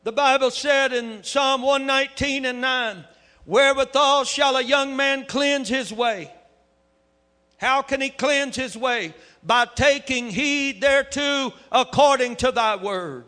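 A man preaching a sermon with fervor, his voice building up to shouts. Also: extremely high pitch, slow. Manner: fervent, rising to shouts. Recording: echoey hall with long reverb.

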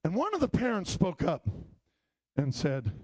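A man preaching a sermon, telling stories and rising into shouted appeals. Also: high-pitched, huge pitch swings, unhurried, husky, dry recording. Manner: storytelling preaching that climbs into shouting.

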